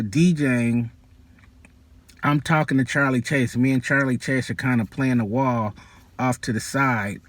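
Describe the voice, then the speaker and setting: A man telling a personal story in a casual, animated way, full of fillers and excited asides. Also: mid-range voice, dry recording. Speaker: storyteller vlogger.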